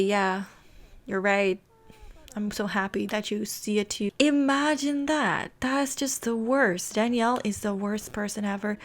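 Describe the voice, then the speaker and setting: A woman casually narrating a life-sim game story, chatty and giggly, with dramatic asides. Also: mid-range voice. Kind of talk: casual let's-play storytelling.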